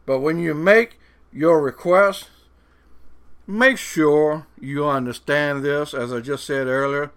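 On the high side, his voice is fairly bright, clear and resonant. He preaches a folksy sermon, pausing dramatically to stress the verses he reads and putting on a voice to mock doubters.

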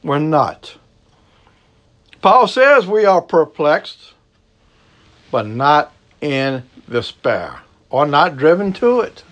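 A man with a Cajun accent from the American South, preaching a sermon with emphatic repetition and sudden low, slow drops for emphasis. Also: big pitch swings, muffled recording. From Southern United States. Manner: emphatic preaching, repeats key phrases, drops to a low slow hush for stress. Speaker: pastor.

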